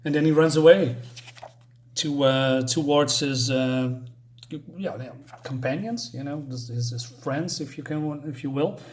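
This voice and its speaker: A man's voice: medium pitch, unhurried, roomy sound. Man musing through a comic retelling. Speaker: comic book reviewer. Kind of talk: casual comic read-through and commentary.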